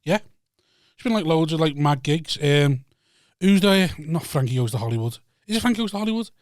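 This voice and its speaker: A man's voice: on the high side, animated, brisk, no room sound, clean studio sound. Blunt, bantering man. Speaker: podcast co-host. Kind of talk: casual chat.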